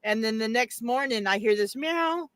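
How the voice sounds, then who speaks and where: Bright-voiced woman telling a story. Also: fairly high pitch, moderate pace, no echo. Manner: animated storytelling. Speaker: guest. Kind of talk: casual chat.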